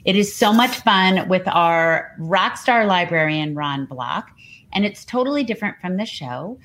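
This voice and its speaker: A woman's voice: fairly low pitch, lively intonation, unhurried, fairly bright tone. A woman co-hosting an online book show over a video call, chatting in a breezy, joking way. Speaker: co-host. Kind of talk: casual chat.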